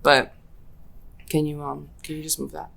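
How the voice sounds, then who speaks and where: A young woman with a low, deep voice hosts a casual podcast. She tells a personal story in slangy, animated talk and voices her own quoted lines. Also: moderate pace, vocal fry, crowd noise. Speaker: podcast host.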